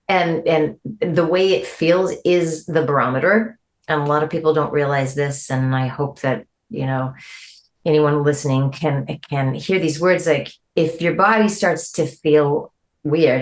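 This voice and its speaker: A middle-aged woman, a guest musician, chatting in an interview, animated and quick to laugh, her voice jumping up when she quotes people. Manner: animated, jumps high when quoting people, laughs easily. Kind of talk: casual interview chat.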